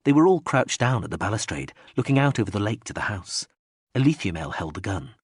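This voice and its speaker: Male audiobook narrator, husky and dry, measured reading with animated pitch. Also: no room sound. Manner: measured reading, acts out quoted speech in raised voices. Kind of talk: scripted narration.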